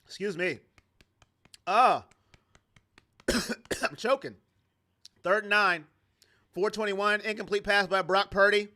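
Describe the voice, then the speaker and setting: A man's voice: sits high, slow pace, pauses often, pushed and bright. A man giving casual play-by-play and reactions to a football game as a fan commentator, sarcastic and exasperated.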